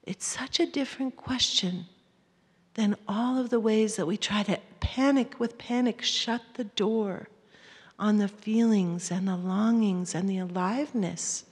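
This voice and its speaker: Breathy woman speaker in a hall. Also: medium pitch, unhurried. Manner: gentle, often drops to a soft near-whisper. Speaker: workshop speaker. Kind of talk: live talk to an audience. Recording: hall reverb.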